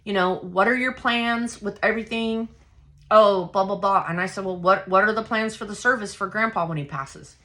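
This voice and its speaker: A woman vlogger casually telling a family story to her viewers, blunt and profane, with a loud, heated edge as she gets worked up. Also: medium pitch, a little fast, few pauses. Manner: addresses viewers directly, filler-heavy run-on storytelling.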